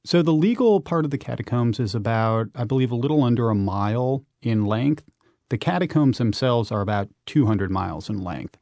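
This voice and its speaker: Male interview guest, mid pitch, dry close sound, lively emphatic storyteller. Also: moderate pace, vocal fry, dry recording. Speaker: guest, urban explorer and author. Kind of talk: radio interview.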